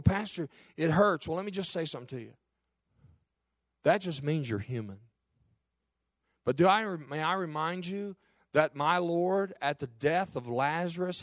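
A man's voice: high-pitched, dry recording, clean studio sound. Man preaching a fervent sermon. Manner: impassioned preaching with repeated phrases. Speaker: pastor.

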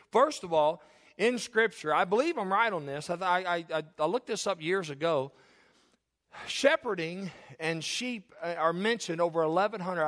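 A man with a high voice preaches a sermon. He builds his points through emphatic repetition, his delivery rising with feeling as he addresses the congregation. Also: fairly bright tone.

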